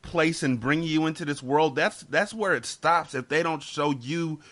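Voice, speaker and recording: A man's voice: a little high, normal speed, fairly bright tone. A man hosting a casual podcast chat, talking emphatically and repeating words as he gets heated. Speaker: podcast host.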